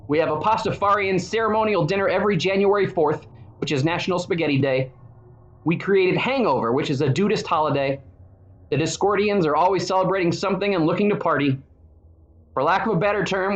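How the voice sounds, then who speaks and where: A man's voice: high-pitched, dull audio. A man in his forties with a wry, irreverent manner, delivering a scripted monologue as a video host. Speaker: church founder and video host.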